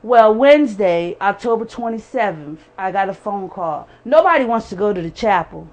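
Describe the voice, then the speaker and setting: A woman in her forties, a guest, shares a heartfelt personal testimony in a mid-range, darkish voice with lively intonation at normal speed. She tells it earnestly and emphatically, acting out what people said.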